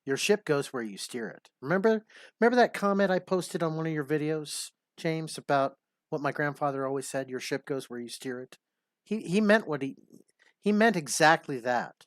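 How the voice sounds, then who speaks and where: A man's voice: a little high, animated, normal speed, no echo. A man hosting a stream, dropping dry, sarcastic asides over a played clip. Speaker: stream host.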